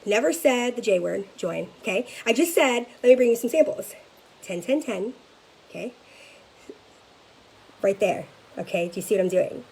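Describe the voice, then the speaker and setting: A woman leading a sales team, giving an energetic motivational talk to camera and often checking in with a quick "okay?". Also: medium pitch, creaky, husky, poor audio. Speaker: direct-sales team leader.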